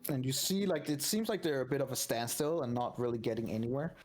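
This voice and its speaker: A man narrating a tabletop game as game master, relaxed and full of fillers. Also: medium pitch, quick pace, faint music behind. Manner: relaxed, with many fillers and restarts.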